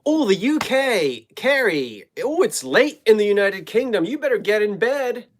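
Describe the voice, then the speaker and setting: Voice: medium pitch, very animated, moderate pace, slight background noise. A middle-aged host from New Jersey, chatting casually on a live stream from a home basement and greeting viewers by name.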